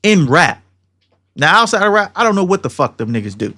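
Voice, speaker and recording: High-voiced man ranting profanely. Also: sing-song, fairly quick, sharp tone. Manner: heated, profane, rambling with slang. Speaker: podcast co-host. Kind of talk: casual podcast rant.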